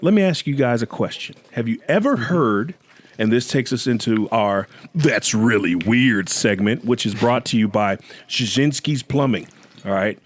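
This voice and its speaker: Man, middle-aged, podcast host, casual chat, playful, mid-pitched voice. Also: unhurried. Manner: playful, slips into put-on accents.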